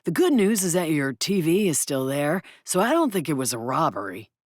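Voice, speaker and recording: Woman reading a calm, measured man. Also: sits low, no room sound, clean studio sound. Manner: slow, measured. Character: male friend, calm and steady.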